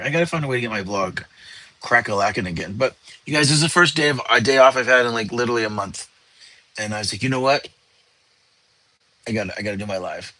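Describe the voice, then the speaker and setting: A man's voice: mid-range voice, pushed and bright, dry recording, low-quality recording. A middle-aged man hosting a casual livestream from his bedroom, tired and yawning, rambling and answering chat comments. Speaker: livestream host.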